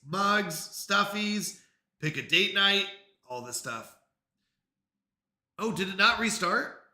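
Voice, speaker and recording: A man's voice: on the high side, pushed and bright, reverberant. A man live-streaming in casual chat, flustered and apologetic as he talks himself through technical trouble.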